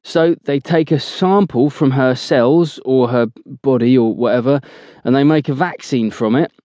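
A man's voice: fairly high pitch, expressive, moderate pace, darkish tone, dry recording, pitched above the performer's own voice, close to an everyday voice. A man voicing a chatty, teasing young male soldier who keeps pressing with questions. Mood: insistent. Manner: persistent, playfully mocking.

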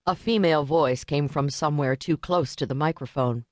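A woman narrating a novel with a measured, steady reading. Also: low voice, no echo. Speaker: audiobook narrator. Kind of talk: scripted narration. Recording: dry close studio audiobook.

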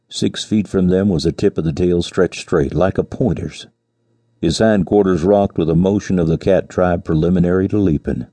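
A man narrating a classic short story as an audiobook, in a measured storytelling manner. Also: sits low, dark tone, breathy edge, no room sound. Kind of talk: scripted narration.

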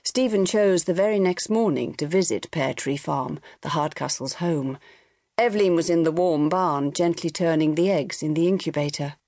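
A woman narrating an abridged audiobook novel in a measured storytelling manner. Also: low-pitched, a little mellow, dry recording, clean studio sound.

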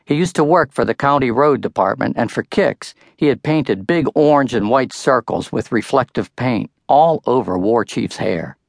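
A man's voice: medium pitch, animated, normal speed, creaky, few pauses, no echo, studio quality. Wry older man reading an audiobook. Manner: wry, storytelling first-person narration. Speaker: author-narrator. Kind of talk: audiobook narration.

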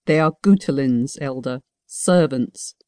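A proud king who defends himself with measured reproach, voiced by a woman narrator. The voice is warm and mellow, in a dry close recording. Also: extremely low pitch, dry recording. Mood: reproachful.

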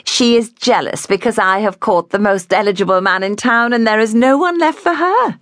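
A woman's voice: on the high side, normal speed, fairly bright tone, no echo, studio quality, voice pushed up, close to an everyday voice. A woman voicing an elated, vivacious young bride who speaks in a gleeful, boastful way.

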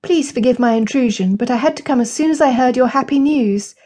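A woman's voice: high-pitched, a little fast, dark tone, pitched above the performer's own voice. A woman voicing a poised, playful Regency wife. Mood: gracious. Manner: poised, formal period speech. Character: genteel young Regency wife, playful and gracious.

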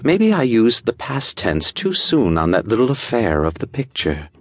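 A man's voice: mid-range voice, huge pitch swings, moderate pace, slightly rough, no room sound, clean studio sound, voice pushed up. A man putting on a teasing young society girl. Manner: teasing, mock-regal. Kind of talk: audiobook character voice.

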